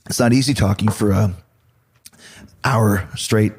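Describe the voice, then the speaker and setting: A middle-aged man from Canada, a podcast host telling a story in an animated, conversational way. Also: lowish voice, measured pace, husky. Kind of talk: casual storytelling monologue.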